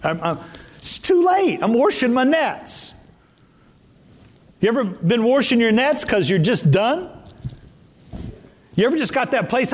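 A man with a high voice delivers a sermon, swinging widely between low murmurs and soaring peaks. He hammers phrases through repetition, and his words ring out with a long reverb of a large hall. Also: big pitch swings, a little slow, long pauses. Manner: emphatic, repetitive preaching with sudden pitch jumps. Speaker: bishop preaching.

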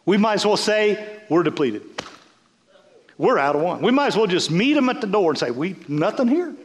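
A man in his fifties, a bishop preaching a sermon in a playful, animated way, swinging between loud bursts and hushed asides. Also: high voice, moderate pace. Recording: long reverb of a large hall.

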